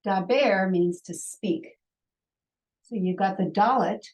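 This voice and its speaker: Slow, patient woman teaching Hebrew. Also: medium pitch, darkish tone. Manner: slow, patient, sounds out syllables for learners to repeat. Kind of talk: online language lesson.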